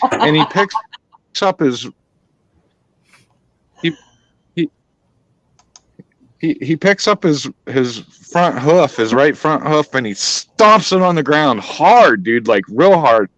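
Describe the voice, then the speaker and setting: A man's voice: on the high side, sing-song, takes it slowly, pauses often, fairly bright tone, dry recording. A man casually telling a long hunting story, rambling and swearing, with many restarts. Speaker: storyteller host. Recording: dry, dull lo-fi sound.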